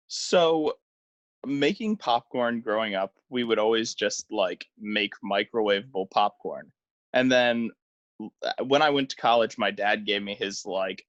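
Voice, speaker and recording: A man's voice: medium pitch, a bit bright, dry recording. A young man co-hosting a podcast in casual chat, rambling with plenty of "like"s and restarts. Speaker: podcast co-host.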